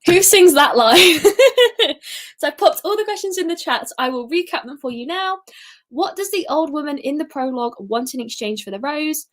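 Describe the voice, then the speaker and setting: A woman hosts a relaxed live-stream quiz in a high voice. She is chatty and giggles easily, and now and then breaks into short sung snippets. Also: fairly quick. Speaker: quiz host.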